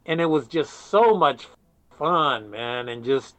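A man's voice: on the high side, expressive, slow pace, a bit bright, no room sound. An older man telling stories in a casual interview, rambling with many restarts and often saying "man". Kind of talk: casual storytelling.

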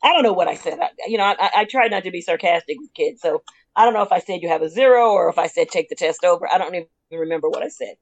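A woman's voice: on the low side, racing. Reflective older woman, a teacher. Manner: reflective, self-deprecating, laughs often. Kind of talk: casual conversation.

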